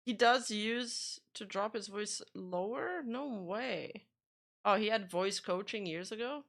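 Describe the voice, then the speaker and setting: A woman streamer chats casually while reacting to videos, her medium-pitched voice slow, slightly bright, and marked by vocal fry. She rambles in a chatty way and often trails off mid-sentence.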